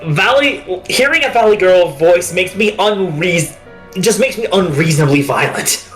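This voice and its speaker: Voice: medium pitch, faint music behind, low-quality recording. A friend in a voice chat on an art stream, joking and laughing casually. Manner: animated, quick to joke and laugh.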